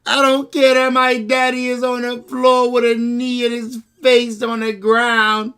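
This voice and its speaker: A man voicing a whiny little kid who begs for a tablet, in a raised, drawn-out pleading voice. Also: extremely high pitch, completely flat delivery, pushed and bright, clean tone, pitched above the performer's own voice, exaggerated voice. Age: child figure.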